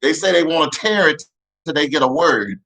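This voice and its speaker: A man's voice: fairly high pitch, lively intonation, brisk, gravelly, pushed and bright. A man telling comic childhood stories in a rambling, profane way with many restarts. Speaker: comedian. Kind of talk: comedic storytelling.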